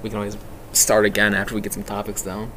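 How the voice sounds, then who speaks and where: A young man with a lowish voice co-hosts a casual podcast, laid-back and dry. His asides often trail into a mumble, and a faint hiss sits behind him. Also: monotone, fast talker, fairly bright tone. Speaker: podcast co-host. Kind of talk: casual chat.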